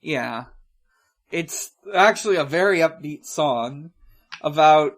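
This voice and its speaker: A podcast co-host chatting casually and reading song lyrics aloud in a flat, unhurried way. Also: mid-range voice.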